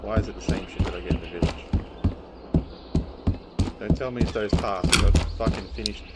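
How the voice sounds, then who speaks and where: A man's voice: fairly low pitch, normal speed, very noisy. A young man streaming a game live, swearing and ranting in exasperation about poor loot. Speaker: gaming streamer. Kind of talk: live gameplay commentary. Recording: loud game sounds behind.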